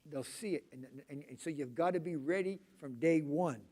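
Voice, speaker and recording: A man's voice: a little high, moderate pace, mellow. Chatty middle-aged male preacher, rambling sermon. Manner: conversational, rambling, acts out quoted voices. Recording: poor volume quality.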